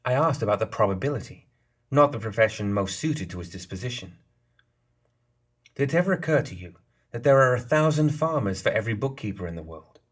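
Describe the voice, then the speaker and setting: A man's voice: mid-range voice, animated, fairly quick, pitched above the performer's own voice, close to an everyday voice. A man reading the lines of a sly, smug female geisha leader in an audiobook, playful and knowing in tone. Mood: smug, teasing.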